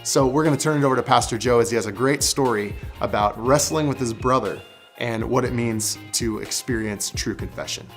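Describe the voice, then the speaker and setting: Man welcoming viewers over soft music. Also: mid-range voice, brisk. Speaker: host. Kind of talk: introducing a church video series.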